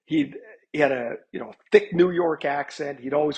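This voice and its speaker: A man's voice: a little high, expressive, moderate pace, creaky, darkish tone, husky, lo-fi sound. A man in his fifties, a hockey analyst, telling stories in a chatty podcast interview, with many restarts.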